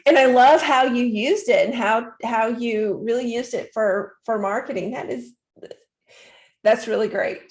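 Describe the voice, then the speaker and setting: A woman's voice: on the high side, a little slow. Affirming woman host, echoey room. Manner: warmly affirming, reflective. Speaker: podcast host. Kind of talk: casual interview.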